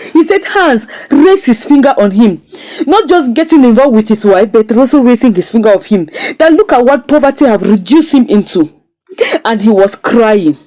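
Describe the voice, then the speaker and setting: Animated woman recapping a series. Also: on the high side, poor audio. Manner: animated, expressive storytelling. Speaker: series reviewer. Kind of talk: casual recap and commentary.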